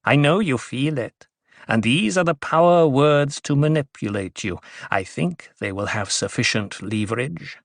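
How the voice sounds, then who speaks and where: A man's voice: expressive, measured pace, gravelly, no echo. A man voicing a spiteful, scheming male dwarf with a whining voice and taunting chortles, read as an audiobook character. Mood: menacing. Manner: chortling, taunting, sudden high squeals.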